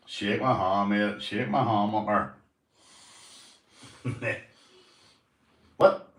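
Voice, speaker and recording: A man's voice: fairly low pitch, steady tone, very slow, pauses often, fairly bright tone. A Northern Irish man in casual vlog chat, rambling and swearing, often saying "you know". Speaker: vlogger, police auditor. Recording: roomy, from a distance.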